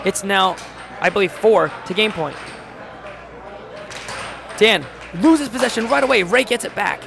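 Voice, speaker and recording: A man doing live-stream sports commentary, calling plays in quick bursts and reading chat aloud with jokes. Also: high-pitched, gravelly, noisy background. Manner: rapid play-calling, reads chat aloud, jokey. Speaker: play-by-play commentator. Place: home studio.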